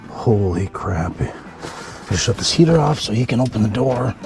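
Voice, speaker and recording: A man narrating a fishing vlog from an ice fishing shelter. He murmurs softly to the fish and breaks into excited exclamations. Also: lowish voice, normal speed, creaky, music in the background. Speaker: fishing vlogger.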